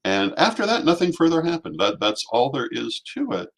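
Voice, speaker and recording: A man co-hosting a talk show, chatting casually and offering measured, thoughtful remarks. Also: medium pitch, big pitch swings. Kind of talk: casual chat.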